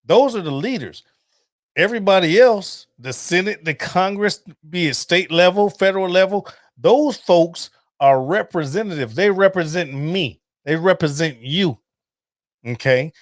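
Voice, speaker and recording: A man in his fifties riffs through a casual podcast, animated, profane and quick to laugh. His voice sits fairly high for a man, and the sound is dry and close with no room around it. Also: no room sound. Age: 50s. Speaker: podcast host. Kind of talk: casual livestream podcast chat.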